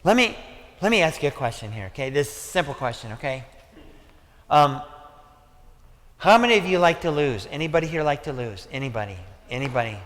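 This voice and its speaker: A male pastor with a Midwestern American accent preaching a sermon in a church, talking conversationally, repeating "okay" and "listen", and climbing to near-shouting when fired up. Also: on the high side, big pitch swings, a little fast, pauses often. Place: church sanctuary. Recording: reverberant church hall.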